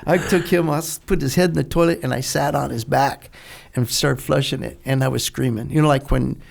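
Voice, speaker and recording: An older man, a retired Navy veteran, telling a lively story in a podcast interview, acting out the dialogue and laughing often. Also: medium pitch, brisk, creaky. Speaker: guest, retired Navy SEAL.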